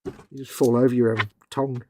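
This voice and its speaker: A man co-hosting a live stream in casual chat, chatty and quick to laugh, often trailing off into soft asides. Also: medium pitch, flat delivery, background noise. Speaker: livestream co-host.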